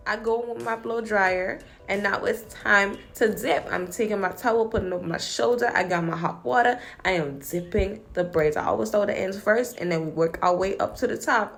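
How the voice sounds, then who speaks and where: A woman's voice: mid-range voice, moderate pace, vocal fry, a bit bright, faint music behind. A woman hair braider from the Virgin Islands, talking viewers through a braiding tutorial in a sassy, playful, chatty way. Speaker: hair braider and channel host.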